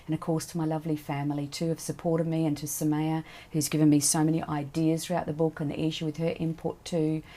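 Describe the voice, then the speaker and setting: Female author hosting an unboxing vlog, gushing and chatty, slightly low voice. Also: fast talker, few pauses. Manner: gushing and excited; warm and chatty, talking to viewers. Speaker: children's book author.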